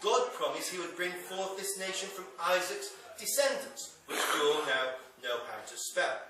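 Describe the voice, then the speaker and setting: A man's voice: sits high, expressive, moderate pace, background noise. A man preaching a sermon in a church, talking in a wry, conversational way with dry humor. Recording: echoey church hall from a distance.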